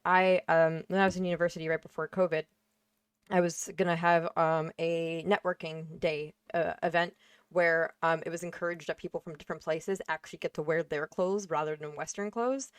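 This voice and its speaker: Blunt young woman, lowish voice. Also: fairly even intonation, normal speed, smooth, no echo. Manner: blunt, emphatic, swears freely, many fillers. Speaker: panelist. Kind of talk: casual panel discussion.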